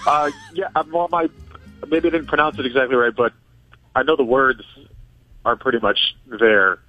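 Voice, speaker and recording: A man's voice: mid-range voice, moderate pace, soft background music. Hesitant man on a muffled phone line. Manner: hesitant, defensive. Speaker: prank call victim.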